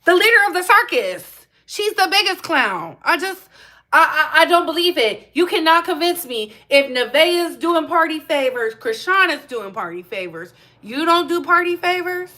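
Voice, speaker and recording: Sassy high-voiced woman commentator. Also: animated, normal speed, sharp tone. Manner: blunt, sassy, emphatic repeating. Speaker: commentary vlogger. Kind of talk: reaction commentary.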